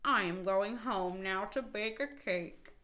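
A woman voicing a timid, greedy male toad in a children's storybook, with a soft, hesitant, pleading delivery. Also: mid-range voice, slow.

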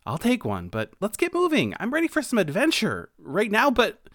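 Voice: medium pitch, moderate pace, no room sound, clean studio sound, voice pushed up. A storyteller voicing an eager, adventurous young female mouse in a children's storybook. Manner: excited, bossy.

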